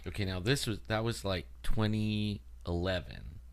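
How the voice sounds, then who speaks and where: Low-voiced man rambling through a story. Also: moderate pace, smooth. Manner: rambling, full of "like" and "you know". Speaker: co-host and field investigator. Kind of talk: casual chat.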